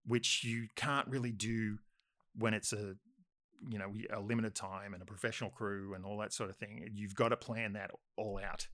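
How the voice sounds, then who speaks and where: A man's voice: lowish voice, steady tone, normal speed, fairly bright tone, no room sound. A man with an Australian accent telling a long, rambling story, full of fillers. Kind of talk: casual chat anecdote.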